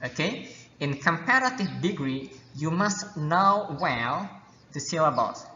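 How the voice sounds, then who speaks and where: A man's voice: on the high side, animated, takes it slowly, sharp tone, slight background noise. A man teaching an English grammar lesson, repeating key words and often checking with "okay?". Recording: echoey hall, dull lo-fi sound.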